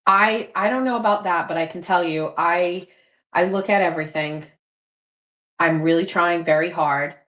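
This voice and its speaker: A woman's voice: lowish voice, normal speed, a bit bright. Chatty, swearing woman host in an echoey room. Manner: candid, chatty, swears freely. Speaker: livestream host. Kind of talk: casual livestream chat reading viewer comments. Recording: roomy echo.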